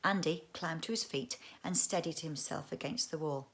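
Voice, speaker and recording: A woman reading a children's book aloud, expressive and adding chatty asides. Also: deep voice, normal speed. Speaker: audiobook reader. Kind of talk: storybook read-aloud narration.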